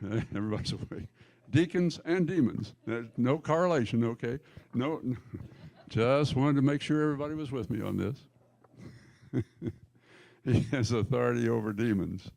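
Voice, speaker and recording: A male pastor preaching a sermon in church, telling the stories emphatically with jokey asides and quick self-corrections. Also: mid-range voice, gravelly, a little mellow, no echo.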